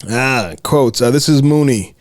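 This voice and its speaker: A man hosting a casual film discussion podcast, animated, often acting out quotes in high voices. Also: measured pace, dry recording, studio quality. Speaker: podcast host.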